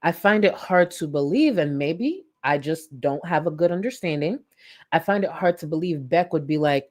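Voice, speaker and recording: A woman hosting a live-stream commentary, incredulous and animated, thanking viewers for donations between points. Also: low-pitched, moderate pace. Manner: animated, incredulous, thanks chat donors warmly. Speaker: commentary YouTuber.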